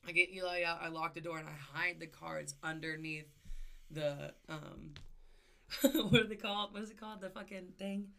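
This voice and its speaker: A woman co-hosting a podcast, telling a story in casual chat, animated, swearing and laughing as she acts out the people in it. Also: on the low side, moderate pace, vocal fry. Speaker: podcast co-host.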